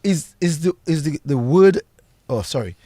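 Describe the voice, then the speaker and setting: A man hosting a radio call-in show, taking callers and asking questions with halting restarts. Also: fairly high pitch, animated, warm tone, breathy edge, no room sound, studio quality. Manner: halting, repeats words as he starts questions.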